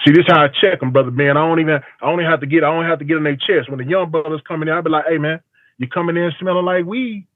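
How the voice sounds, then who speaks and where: This barber's call-in testimony comes through a tinny phone line in a dry recording, his slightly high voice moving very fast. He delivers stories emphatically, acting out what he and others said.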